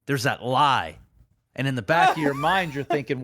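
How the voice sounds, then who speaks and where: A man co-hosting a casual gaming podcast, telling an animated story that acts out a made-up scenario. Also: medium pitch, normal speed. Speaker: podcast co-host.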